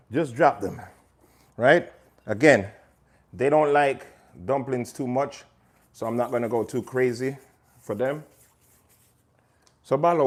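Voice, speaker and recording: A man's voice: medium pitch, a little mellow. A man hosting a casual cooking livestream, chatting to viewers by name while he cooks in a kitchen. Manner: chatty, talks to viewers by name, pushes his cookbook. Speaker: chef and host.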